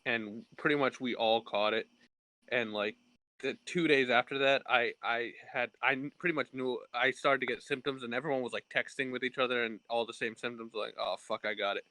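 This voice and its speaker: A man's voice: mid-range voice, fairly even intonation, fairly quick, bright, forceful tone, dry recording. A man co-hosting a podcast in casual chat, laughing a lot and swearing freely. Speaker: podcast co-host.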